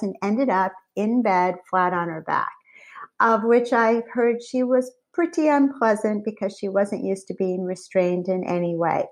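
Middle-aged woman, guest storyteller, animated and warm, medium pitch. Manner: lively, animated storyteller with laughs. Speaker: company founder, guest. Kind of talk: conversational storytelling.

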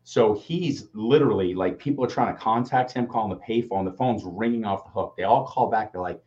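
A man co-hosting a casual show, telling a story in an animated way, swearing and acting out quotes. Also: on the low side, fairly quick. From Boston area. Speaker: co-host. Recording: dull lo-fi audio.

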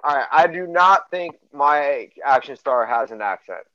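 A man's voice: medium pitch, expressive, unhurried, sharp tone, highs cut off. A man in casual chat among friends, argumentative and cheeky, swearing freely.

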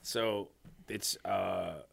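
Young male co-host, laid-back, joking, lowish bright voice, dry sound. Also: drawn-out words, gravelly, breathy edge, dry recording. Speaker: podcast co-host. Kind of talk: casual chat.

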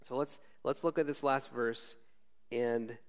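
A man's voice: mid-range voice, fairly even intonation, measured pace, clean tone. A man preaching a casual, conversational sermon as a former missionary, frank and informal, often tagging lines with "right?".

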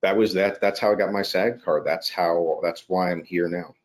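A man, an actor and guest, telling a personal story in conversation, animated and acting out his quotes. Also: sits low, moderate pace. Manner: animated, acts out quotes in raised voice. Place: New York.

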